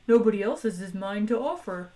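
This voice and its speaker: A woman's voice: medium pitch, expressive, warm tone, recorded from a distance, lightly acted, rough recording. A woman voicing a polite, contented male creature bred to be eaten, in a storybook reading. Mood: courteous. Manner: courteous, obliging, unhurried.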